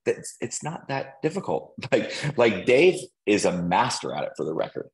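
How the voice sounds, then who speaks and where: A man who coaches loan officers, giving an energetic motivational sales talk and acting out quotes. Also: fairly low pitch, moderate pace, rough recording. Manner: energetic, acts out quoted voices.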